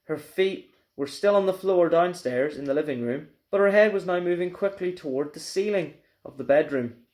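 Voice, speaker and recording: A man's voice: fairly high pitch, normal speed. A male teacher reading a children's book aloud, telling it expressively. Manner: expressive storyteller.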